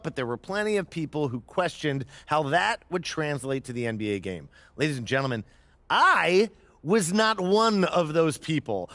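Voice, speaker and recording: A man's voice: on the high side, fairly bright tone, no echo. A man narrating a scripted basketball ranking, talking players up with emphatic, hype-filled delivery. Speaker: basketball commentator.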